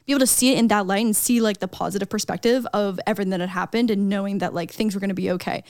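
A woman's voice: mid-range voice, steady tone, very fast, a little mellow, dry recording, clean studio sound. A young woman co-hosting a podcast, chatty and empathetic, with lots of "like". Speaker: podcast co-host. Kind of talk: casual podcast chat.

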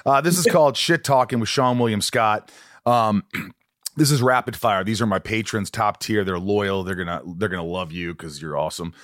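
A man with a fairly low voice hosts a podcast conversation, rambling and laughing as he goes. He interrupts himself often and keeps things loose. The recording is dry and close. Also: normal speed, fairly bright tone, dry recording. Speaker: podcast host. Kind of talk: casual interview chat.

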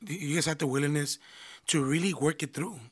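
A man's voice: a little high, a little fast, breathy edge. A man, a pastor and marriage counselor, talking earnestly in a casual conversation and often restarting his phrases.

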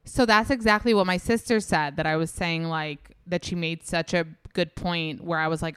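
A woman in casual podcast chat, talking candidly and swearing freely. Her voice is smooth and resonant, recorded dry and close with almost no room sound. She leans on "like" constantly as she talks. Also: fairly low pitch, steady tone, normal speed, hardly any pauses, fairly bright tone, no room sound. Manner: candid, profane, many "like" fillers. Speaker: podcast guest.

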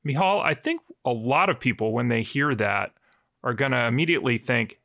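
A man reporting and explaining on a conversational news podcast, relaxed and easygoing, with a joking streak. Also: mid-range voice, normal speed, vocal fry, dry recording, studio quality.

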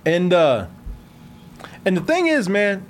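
High, lively man riffing with laughs. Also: takes it slowly, a little hiss or hum. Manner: laughing, animated, acts out quotes. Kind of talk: casual comedic movie reaction chat.

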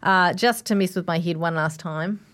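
A woman's voice: lowish voice, moderate pace, fairly bright tone. Laughing New woman, casual chat. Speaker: podcast co-host.

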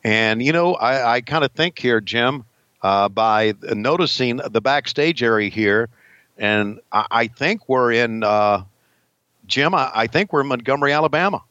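A man's voice: mid-range voice, lively intonation, measured pace, sharp tone, no room sound, highs cut off, pitched below the performer's own voice. A man putting on the voice of a frustrated veteran wrestler, rambling and swearing in a mock-angry rant. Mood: mock-sincere. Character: frustrated veteran male wrestler ranting backstage.

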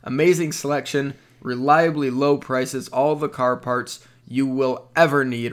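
A man's voice: mid-range voice, fairly even intonation, a little slow, hardly any pauses. A young man hosting a casual sports podcast, upbeat and joking, slipping into ad reads. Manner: upbeat, reads ad copy, jokes around. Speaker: podcast host.

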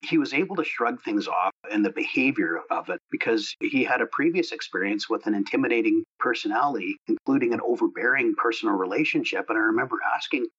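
Husky-voiced man co-hosting a podcast. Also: mid-range voice, animated, fast talker, hardly any pauses, a bit bright, highs cut off. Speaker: co-host. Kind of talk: casual podcast discussion.

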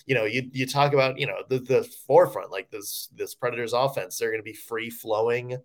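A man co-hosting a sports podcast in casual chat, giving lively, joking analysis full of "you know" and "like". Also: medium pitch, a little fast. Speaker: podcast co-host.

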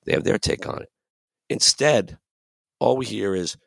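A man's voice: lowish voice, measured pace, creaky, breathy edge, no room sound, studio quality. A man hosting a podcast, talking earnestly and emphatically and acting out the voices he quotes. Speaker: podcast host. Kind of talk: reflective podcast talk.

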